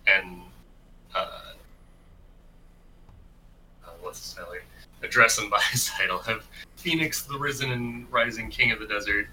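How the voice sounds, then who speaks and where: A man's voice: on the low side, a little slow, pauses often, pushed and bright, recorded from a distance, a little hiss or hum, poor audio. A man playing a tabletop game, speaking casually and hesitantly. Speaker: player. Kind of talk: tabletop game role-play.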